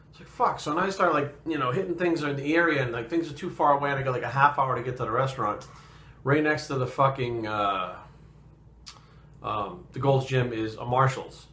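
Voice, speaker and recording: A man's voice: medium pitch, pushed and bright, echoey room. A man from New England telling a rambling personal story in casual, profanity-heavy talk. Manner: profane and rambling, swears constantly. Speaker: fitness vlogger.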